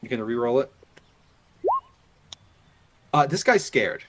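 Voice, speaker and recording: A man's voice: medium pitch, expressive, measured pace, noisy background. A man narrating as game master in a live tabletop game, in a loose, filler-heavy way.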